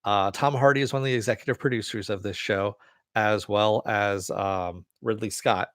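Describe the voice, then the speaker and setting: A man's voice: lowish voice, fairly even intonation, moderate pace, no echo. Rambling, laid-back man host, dry sound. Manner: rambling, laid-back, profane, laughs often. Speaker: podcast host. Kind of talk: casual chat reading listener comments.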